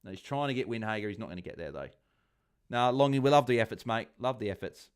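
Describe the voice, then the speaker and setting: A man's voice: on the low side, expressive, fast, smooth. A man hosting a live fantasy football watchalong stream, chatting casually, reading viewer comments aloud and cheering on players.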